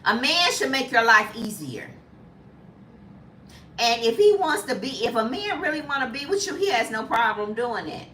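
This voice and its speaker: A woman in her fifties chatting casually as a vlogger, emphatic and quick to laugh. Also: fairly high pitch, very animated, a bit bright, slight background noise. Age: 50s. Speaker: lifestyle vlogger. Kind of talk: casual live chat. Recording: echoey room from a distance.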